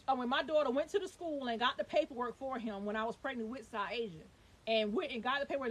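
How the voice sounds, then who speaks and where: A young woman vlogging about her own life, talking fast and emphatically and swearing when upset. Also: fairly high pitch, husky, rough recording. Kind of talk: heated personal storytelling. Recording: faint hiss.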